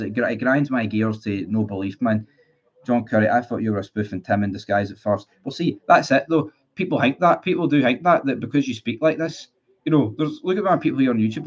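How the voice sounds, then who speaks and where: Scottish male fan streamer, mid-pitched, heated sweary rant, dull lo-fi audio. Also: slightly rough. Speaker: football fan livestreamer. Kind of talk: ranting live stream chat.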